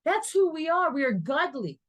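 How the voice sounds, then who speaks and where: A woman with a slightly high voice, teaching a class in an animated storytelling style. She laughs easily, leans into her stories and mixes Hebrew terms into her talk. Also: normal speed. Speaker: Torah teacher. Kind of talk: lively class lecture. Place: classroom with students.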